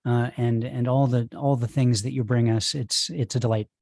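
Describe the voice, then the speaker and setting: Male open-mic host, halting and courteous, dry close sound on a video call. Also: medium pitch, steady tone, gravelly, a little mellow, no echo. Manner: halting, filler-heavy, polite. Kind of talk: hosting a virtual reading.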